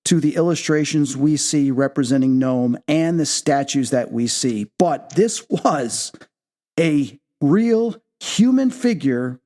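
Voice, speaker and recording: Excitable man telling a story, fairly high voice. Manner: excitable, leaps high when reenacting his own reactions. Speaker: podcast host. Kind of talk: animated storytelling on a paranormal talk show.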